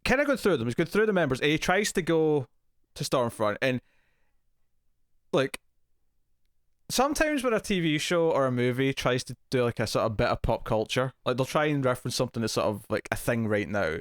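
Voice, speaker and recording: Man, casual review chat, animated delivery, dry close sound. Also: medium pitch, brisk, dry recording. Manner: laughs often, jokey, self-mocking. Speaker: podcast co-host.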